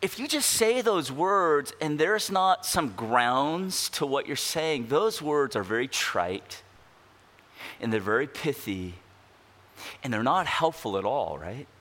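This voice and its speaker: Man, pastor, bright ringing voice, emphatic sermon, rhetorical questions. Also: medium pitch, animated, takes it slowly. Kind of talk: expository sermon.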